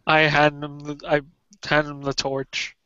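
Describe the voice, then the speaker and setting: Male player, slow and hesitant, bright tense tone, lo-fi muffled audio. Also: on the high side, completely flat delivery, clean tone, dry recording. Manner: hesitant, full of fillers and restarts. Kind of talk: casual tabletop play. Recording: dull lo-fi sound.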